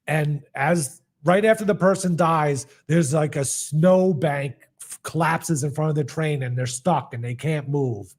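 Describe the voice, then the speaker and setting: A man's voice: fairly high pitch, measured pace. A man co-hosting a casual podcast, rambling through a story with lots of "like" and fillers. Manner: rambling recap with many likes and fillers. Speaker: podcast co-host. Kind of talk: casual chat.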